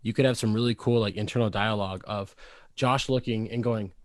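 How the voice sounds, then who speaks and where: Casting note: quick-talking male podcast co-host, dry close sound. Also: on the low side, steady tone, no room sound. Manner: quick, chatty, lots of "like". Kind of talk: casual chat.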